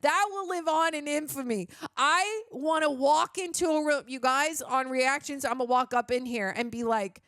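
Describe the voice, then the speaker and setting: A woman's voice: high voice, moderate pace, hardly any pauses, a bit bright, no echo, clean studio sound. A woman hosting a casual movie reaction, chatty and rambling with lots of fillers.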